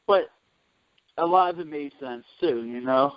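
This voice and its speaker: A man's voice: a little high, unhurried, no echo. A man chatting casually as a podcast co-host, laid-back and hesitant, with many fillers. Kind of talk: casual chat. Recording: dry lo-fi recording.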